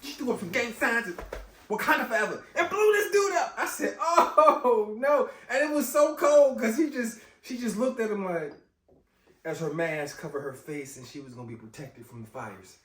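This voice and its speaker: A man recapping a film in an excited, slangy chat, his pitch bouncing high and low as he exclaims. His voice sits a little above average. The room is echoey and the mic is some distance away. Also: normal speed. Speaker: movie recap host. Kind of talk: casual movie recap chat. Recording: roomy echo, distant mic.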